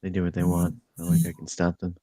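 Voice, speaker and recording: A man's voice: low-pitched, completely flat delivery, quick pace, mellow, voice pushed down, close to an everyday voice. A man voicing Cain, a blunt, sardonic adult male adventurer, in a dry, matter-of-fact tone.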